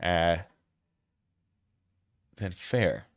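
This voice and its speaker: A man's voice: low-pitched, animated, very slow, gravelly, no echo, studio quality. A man hosting a casual livestream, reacting with sarcastic commentary and frequent laughter. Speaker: streamer.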